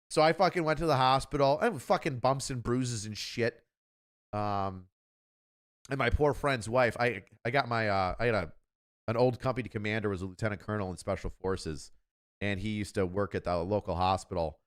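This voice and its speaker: Blunt profane ex-cop host. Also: male voice, mid-range voice. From Buffalo, New York area. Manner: profane, blunt, quick with joking asides. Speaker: host, former police officer. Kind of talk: casual storytelling.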